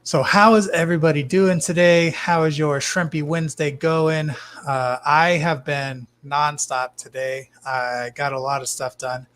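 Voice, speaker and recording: A man hosts a casual live stream from his home fish room. His voice sits a little higher than most men's, and he talks in a relaxed, friendly way, reading viewer names off the chat. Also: measured pace, few pauses. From Arizona, US. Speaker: livestream host.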